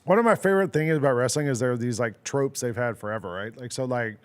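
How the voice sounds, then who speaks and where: On a casual sports talk show, a co-host with a medium-pitched voice talks fast, spinning amused, meandering stories packed with "um" and "like" fillers.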